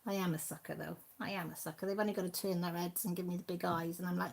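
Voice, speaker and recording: A woman's voice: lowish voice, flat delivery, fast talker, gravelly, few pauses. A woman hosting a casual live-stream chat from home, reading out and answering viewer comments. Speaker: channel host. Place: at home with her pets.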